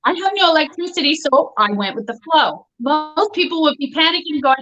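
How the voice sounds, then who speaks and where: A woman's voice: high-pitched, moderate pace, few pauses, bright, forceful tone. A woman entrepreneur co-hosting a casual business podcast over an online connection, chatty and agreeable. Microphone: remote connection, delayed line. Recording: dull lo-fi online call audio.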